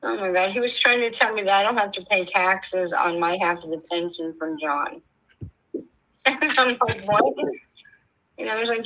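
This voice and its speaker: A woman's voice: medium pitch, normal speed, pushed and bright, rough recording. An older woman chatting casually as a stream host, telling stories and laughing often. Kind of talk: casual chat.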